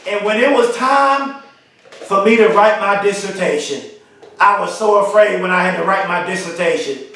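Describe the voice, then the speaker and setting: A high-voiced man delivers a motivational speech, drawing key phrases out slowly and climbing into shouted, repeated lines. The voice sits far from the mic, and a heavy echo rolls around every word. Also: gravelly. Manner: emphatic, repetitive, builds to shouts; drawn-out slow emphasis on key phrases. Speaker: motivational speaker. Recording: very echoey, voice from far off.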